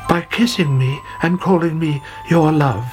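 A storyteller voicing a young princess freed from a spell, exclaiming brightly, over music. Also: mid-range voice, measured pace, pitched above the performer's own voice, lightly acted. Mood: joyful.

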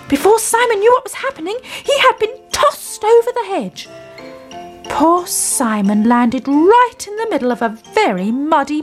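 A woman reading a children's story aloud, slow and unhurried. Her narration is expressive and sing-song, with a lot of swooping pitch.

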